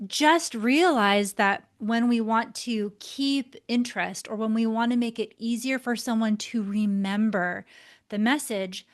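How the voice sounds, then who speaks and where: A woman teaching a lesson to camera, expressive, shifting her tone and pace for emphasis as she gestures. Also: on the high side. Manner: gestures deliberately while talking. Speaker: body language instructor.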